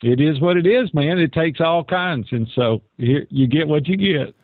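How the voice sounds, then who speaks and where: A man's voice: a little high, moderate pace, no room sound. A man from Nashville with a thick Southern Tennessee accent, a podcast guest telling stories with enthusiasm and frequent laughs. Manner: enthusiastic, folksy storyteller who laughs often. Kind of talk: casual interview. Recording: dry tinny phone-like line.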